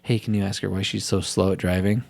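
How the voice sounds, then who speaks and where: A man's voice: sits low, little pitch movement, fast, gravelly, darkish tone. A man on a casual podcast, telling a story with lots of swearing and acting out what others said. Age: has a young daughter. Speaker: podcast host.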